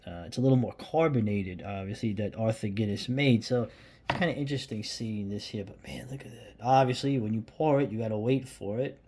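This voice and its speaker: A man from the United States chatting casually to camera about beer, rambling and restarting sentences, sometimes dropping to a hushed near-whisper. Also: lowish voice, brisk, husky. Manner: rambling, self-interrupting, drops to a hushed near-whisper when admiring the beer. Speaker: beer vlogger.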